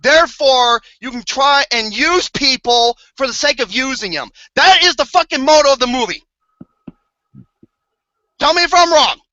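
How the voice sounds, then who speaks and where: A bright, forceful voice rants through a movie review, swearing often and breaking into mock-outraged outbursts. The audio is dull and lo-fi, recorded close and dry with no room sound. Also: sits high, animated, normal speed, hardly any pauses, dry recording. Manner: profane, exasperated, theatrical outbursts. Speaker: podcast co-host reviewing a movie.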